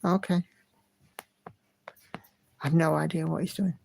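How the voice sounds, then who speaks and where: A woman's voice: sits low, fairly even intonation, slow pace, creaky, darkish tone. A woman hosting a casual livestream, chatting in a friendly way and greeting viewers by name as she reads their comments. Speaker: livestream host.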